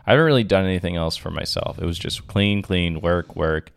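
A man's voice: low-pitched, brisk, creaky. A man co-hosting a podcast, chatting casually with his partner in a hesitant, wry way with frequent restarts. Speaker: podcast co-host. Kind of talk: casual couple chat.

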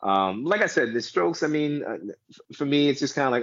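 A man from the United States chatting casually as a podcast guest, rambling with lots of restarts and animated asides. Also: medium pitch, a little fast, dry recording. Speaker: guest DJ and tennis fan. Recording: dull lo-fi dry sound.

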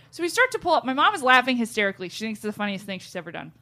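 A woman from Southern California co-hosting a podcast, telling stories in casual chat with a giggly, animated manner. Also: fairly high pitch, very fast, few pauses. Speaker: podcast co-host.

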